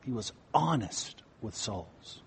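A man preaching a sermon, swinging from loud declarations to near-hushed, solemn asides. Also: fairly low pitch, very animated, takes it slowly, gravelly, husky. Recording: long reverb of a large hall.

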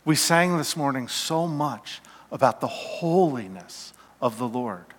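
A man preaching a sermon slowly and emphatically, his voice falling to a hush at key points, in a church. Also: medium pitch, lively intonation, breathy edge. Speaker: pastor. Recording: long reverb of a hall.

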